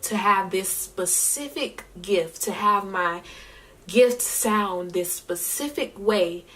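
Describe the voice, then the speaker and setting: A young woman with a medium-pitched, slightly bright voice vlogs about her year as a singer. She speaks slowly and from the heart, emotional and tearful, sometimes breaking into tears as she shares this personal update.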